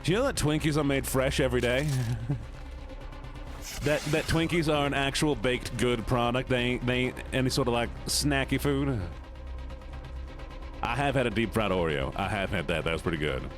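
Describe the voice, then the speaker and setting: A man's voice: mid-range voice, normal speed, pauses often, music in the background. A man streaming casually while gaming, joking around and slipping into a folksy drawl. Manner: jokey, goofy, lapses into a put-on folksy drawl.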